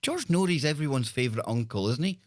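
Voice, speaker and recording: A man's voice: medium pitch, lively intonation, quick pace, dry recording, clean studio sound. A man with a Scottish accent hosting a live call-in radio show, joking with his listeners and greeting them one by one. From Scotland. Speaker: radio talk show host.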